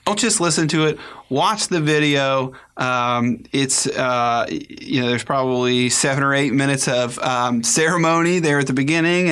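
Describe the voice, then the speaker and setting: A man co-hosts a political talk show in a steady, mid-pitched voice. He speaks earnestly but halts often with ums and restarts. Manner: earnest, hesitant with many fillers. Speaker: podcast co-host.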